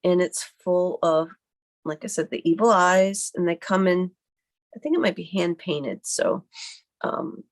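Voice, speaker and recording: A woman hosting a live card-making tutorial from her home craft desk, chatty and rambling as she thinks aloud, her voice a little hoarse from a cough. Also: lowish voice, sing-song, measured pace. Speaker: card-making livestream host. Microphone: computer webcam mic at her desk.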